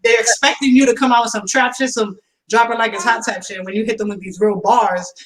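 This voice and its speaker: A woman's voice: on the high side, steady tone, brisk, low-quality recording. A woman hosting a casual radio interview, chatty and laid-back, using slang and laughing easily. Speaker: radio host.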